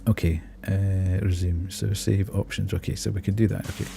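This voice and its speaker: A man's voice: deep voice, little pitch movement, moderate pace, vocal fry, slight background noise. A man streaming a first game playthrough live, chatty and self-mocking, laughing at his own voices.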